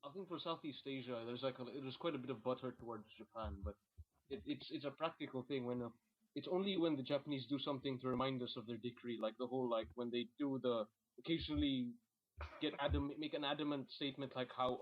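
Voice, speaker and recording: A man from the Philippines talks in a loose, halting way, padding his thoughts with ums and likes. His voice sits at an ordinary pitch. The sound is dull and lo-fi, like an online call. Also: fairly even intonation, a little hiss or hum. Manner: hesitant, many ums and likes. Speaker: guest. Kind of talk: casual chat.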